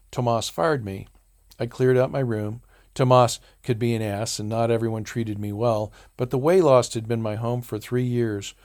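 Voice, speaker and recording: A man reading a first-person story aloud as an audiobook narrator, in a measured, dry storytelling manner. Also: mid-range voice, darkish tone.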